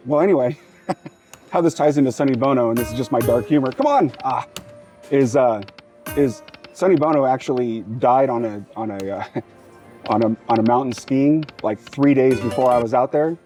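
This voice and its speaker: Man, slots host, casual storytelling, rambling, self-interrupting, average pitch, faint music behind. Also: moderate pace, mellow. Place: casino floor.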